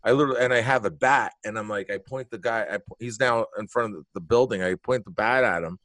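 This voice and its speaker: A man's voice: fairly low pitch, fast, no echo. A man telling a story in casual conversation, swearing freely and acting out the other people's lines. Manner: animated, profane, acts out quotes.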